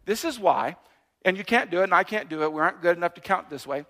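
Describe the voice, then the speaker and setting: Male pastor, high bright voice, lively joking sermon delivery. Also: fast talker. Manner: animated, conversational preaching with playful asides.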